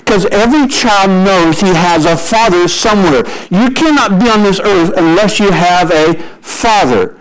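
A man preaching a sermon as a pastor, telling stories and slowing right down on key lines for emphasis. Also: high-pitched, rough recording. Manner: storytelling preacher who shifts pace for emphasis.

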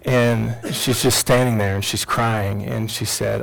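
A middle-aged man with a gravelly, fairly low voice tells a personal story to a room of listeners. He is emotional, and he swings between loud bursts and hushed, quiet stretches. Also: steady tone, a little slow, poor audio. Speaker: teacher and psychologist. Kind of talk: personal story told to an audience.

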